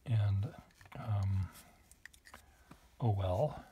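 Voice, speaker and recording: Man, deep-ish voice, very slow unhurried talk, thinking aloud, faint pen scratching behind. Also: dark tone, slight background noise. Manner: musing, unhurried, thinks aloud with small asides. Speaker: pen collector demonstrating nibs. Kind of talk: casual show-and-tell to camera. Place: at a desk writing with pens.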